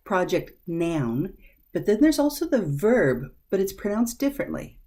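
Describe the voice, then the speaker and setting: A woman teaching a vocabulary lesson, sounding out words slowly and carefully. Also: medium pitch, big pitch swings, warm tone. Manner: slow, careful over-enunciation of words.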